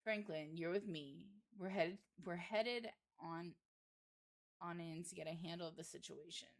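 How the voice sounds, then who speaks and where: A woman reading as a steady small-town sheriff. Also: high voice, measured pace. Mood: authoritative. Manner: plainly read, no put-on accent. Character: gruff small-town male sheriff, calm and in charge.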